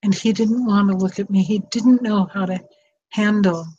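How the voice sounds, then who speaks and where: A woman's voice: mid-range voice, fairly even intonation, normal speed, dark tone, dull audio, slight background noise. An older woman telling a personal story about being a grandmother, in an earnest, heartfelt way, over a call microphone with an echo. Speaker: speaker on estranged parents. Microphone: online call microphone with echo.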